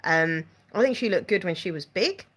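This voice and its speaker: A woman's voice: on the low side, lively intonation, normal speed, fairly bright tone. A woman hosting a casual live-stream chat, giggling often and reading out viewer comments. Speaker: channel host chatting with live viewers.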